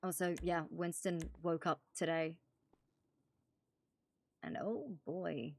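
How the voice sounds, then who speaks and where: A woman's voice: fairly low pitch, steady tone, takes it slowly, gravelly, slight background noise. A woman role-playing a police officer, chatting in character with frequent swearing and stammered restarts. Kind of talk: in-character role-play chat.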